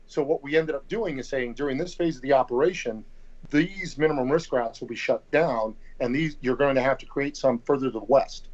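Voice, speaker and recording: A middle-aged man, a guest on a podcast, explaining things deliberately and repeating words as he thinks. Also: mid-range voice. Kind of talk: casual conversation. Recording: slightly dull lo-fi audio.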